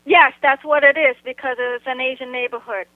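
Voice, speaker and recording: Female phone guest, high voice, thin phone sound, blunt and halting. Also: steady tone, no echo. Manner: blunt, halting, full of "you know" and "like". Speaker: guest recounting an encounter. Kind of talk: casual phone interview. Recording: tinny phone line.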